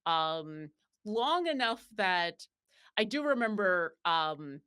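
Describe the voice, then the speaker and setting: This guest player, a woman from Buffalo, New York, has a lowish, clear, resonant voice with a sharp tone and a slow, sing-song delivery. Chatting in a casual interview, she rambles through fillers and restarts and laughs readily.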